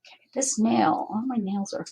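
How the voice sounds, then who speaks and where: Gravelly-voiced woman chatting while crafting. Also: mid-range voice, normal speed, background noise. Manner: chatty, thinking aloud while working, with asides and laughs. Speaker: crafting livestream host. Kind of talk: casual crafting chat.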